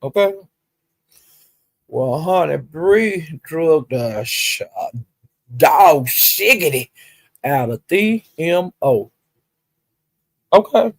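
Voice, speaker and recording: A woman's voice: deep voice, lively intonation, drawn-out words, long pauses, dry recording. A woman gossiping on a casual livestream, sassy and profane, with drawling "well, honey" asides. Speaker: livestream commentator.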